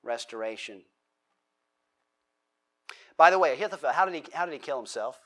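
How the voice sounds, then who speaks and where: Man, sermon teacher, slightly high voice, chatty delivery that questions the crowd. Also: expressive, moderate pace, a bit bright. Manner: conversational, asks the audience questions, acts out quotes. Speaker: pastor.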